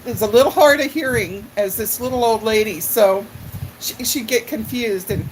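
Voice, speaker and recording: A woman's voice: a little high, moderate pace, noisy background. A middle-aged woman hosting a live stream in a casual chat, rambling as she greets viewers by name and answers their comments. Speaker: livestream host.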